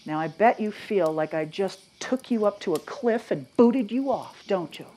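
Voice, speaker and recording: A woman from Maine telling ghost stories live to an audience, dropping to a hush and then rising loud and animated, asking the crowd questions. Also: medium pitch, normal speed, few pauses. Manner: dramatic, swings from hushed to loud and animated. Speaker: storyteller.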